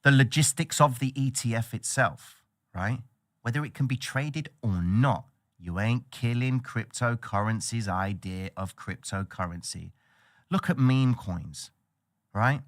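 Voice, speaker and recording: A man giving casual, animated trading commentary on a livestream. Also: mid-range voice, unhurried. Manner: animated, slangy, excitable.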